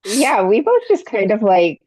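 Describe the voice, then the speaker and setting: A woman co-hosting a podcast, chatting in a relaxed, conversational way. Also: mid-range voice, measured pace. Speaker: podcast co-host. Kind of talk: casual chat. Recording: dull, dry lo-fi recording.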